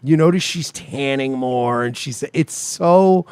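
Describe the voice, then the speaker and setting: A man's voice: mid-range voice, measured pace, darkish tone, clear, resonant tone, no room sound. A man co-hosting an online talk show, making crude jokes. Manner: crude, joking. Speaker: co-host. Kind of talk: casual chat with crude jokes.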